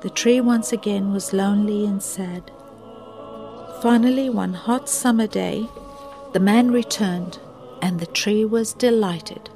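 Calm earnest woman reading a moral story, gravelly edge, faint music under it. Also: mid-range voice, a little slow.

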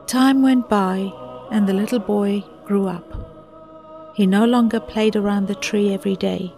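A woman narrating a moral storybook tale in a calm, earnest read-aloud manner. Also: medium pitch, a little slow, vocal fry, soft background music.

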